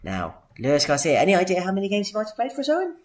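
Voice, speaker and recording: Male podcast host, mock game-show presenter, theatrical drawn-out reveals with high-pitched jingles. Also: huge pitch swings. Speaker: podcast host running a quiz.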